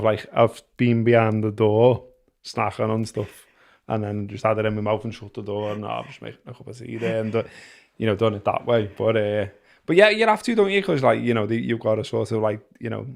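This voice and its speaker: A low, gravelly man with a Liverpool accent chats casually on a podcast. He rambles and stops often, with plenty of filler words. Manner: rambling, halting with many fillers. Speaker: podcast co-host. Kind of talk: casual chat.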